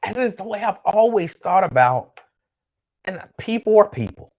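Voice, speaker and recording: A man's voice: high voice, very animated, normal speed, darkish tone. A man hosting his own show, chatting casually on his own and reading out viewer comments in a loose, rambling way that repeats itself. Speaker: show host.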